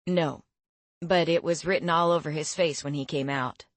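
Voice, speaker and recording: A woman voicing a jovial, confident teenage boy who talks in a relaxed, teasing way. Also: low voice, normal speed, dry recording, close to an everyday voice.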